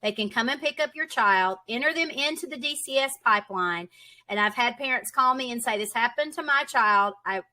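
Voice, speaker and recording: Woman, guest on a podcast, urgent and emphatic, high-ish pitch, bright tense tone. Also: lively intonation, brisk. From Tennessee, United States. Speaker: homeschool advocate, podcast guest. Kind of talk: podcast interview.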